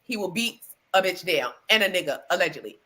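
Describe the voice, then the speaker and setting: Bright-voiced woman gossiping. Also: lowish voice, brisk. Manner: animated, profane storytelling with many fillers. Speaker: podcast co-host. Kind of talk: casual gossip chat.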